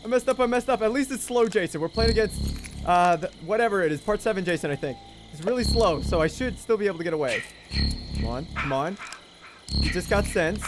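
A young man narrates his horror game run with an excitable, jokey energy, often repeating his exclamations. His voice sits very high and swings up and down, with faint game music playing behind him. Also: a little fast. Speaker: gaming YouTuber. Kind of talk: gameplay commentary.

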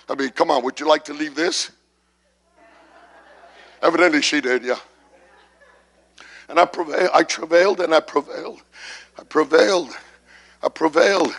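A male pastor preaching a sermon at a church service, repeating phrases and rising to shouts as he calls on the congregation to respond. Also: high-pitched, vocal fry. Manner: repetitive call-and-response preaching, builds to shouts.

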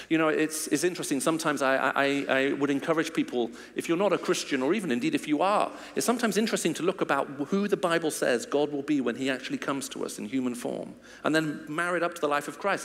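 A man's voice: a little high, creaky, fairly bright tone. A man giving a sermon, reading scripture and then retelling the story with emphasis. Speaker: preacher. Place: church hall. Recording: long reverb of a large church.

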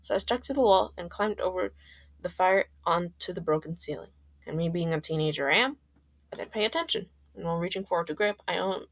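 A woman reading her first-person fan fiction aloud, lively and jumping up on exclamations. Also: on the low side.

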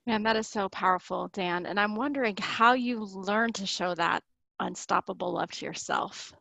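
A woman's voice: medium pitch, moderate pace, gravelly, a bit bright, dry recording, poor audio. A woman hosting an interview, asking reflective, searching questions. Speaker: host.

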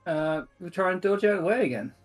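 A man's voice: high voice, animated, quick pace, faint music behind. A man playing a tabletop game, casual and playful, with restarts and laughter. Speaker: player.

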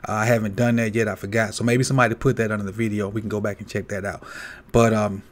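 Laid-back low-voiced sports vlog host. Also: male voice. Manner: relaxed, halting, many "uh" and "um" fillers. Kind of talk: casual sports commentary vlog.

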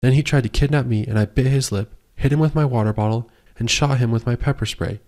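A man voicing a terrified young woman who shouts accusations in an audiobook. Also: mid-range voice, quick pace, voice pushed up, close to an everyday voice. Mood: outraged. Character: terrified young woman supermodel fighting back.

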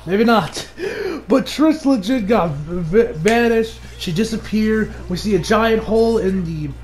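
A man giving a casual, animated episode recap, often laughing and acting out the characters' lines. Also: high voice, a little slow, faint music behind. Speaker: anime reviewer.

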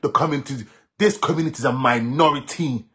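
A man's voice: mid-range voice, quick pace, a bit bright. A man with a Jamaican accent giving heated commentary on a vlog, repeating himself for emphasis and mixing patois with English. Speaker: social media commentator.

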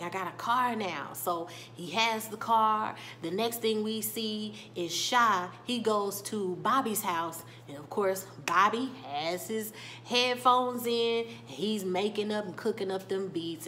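A woman vlogger recapping a TV episode in casual speech, retelling scenes with lively quoted lines. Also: mid-range voice, slight background noise.

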